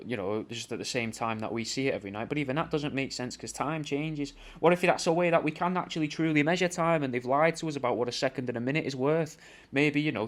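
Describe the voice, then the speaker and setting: A man hosting a podcast, rambling through a sweary, mock-conspiratorial comedic rant and calling the listener mate. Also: mid-range voice. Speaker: podcast host.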